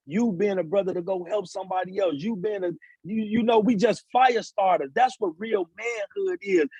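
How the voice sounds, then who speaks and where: A man's voice: high-pitched, darkish tone, husky, dry recording, rough recording. A man, father of seven, speaking in impassioned, repetitive podcast talk, building to emphatic peaks. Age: adult father of seven sons. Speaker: author and speaker, guest.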